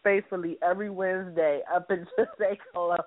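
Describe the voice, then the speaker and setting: A man's voice: high voice, steady tone, moderate pace, no echo. Man joining in on a tinny line. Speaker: co-host. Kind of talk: casual chat.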